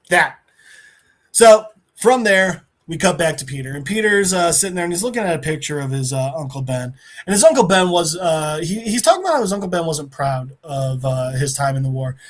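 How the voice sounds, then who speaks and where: Podcast guy recapping a story, animated, lots of swearing. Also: fairly high pitch. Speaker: podcast host. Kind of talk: casual recap chat.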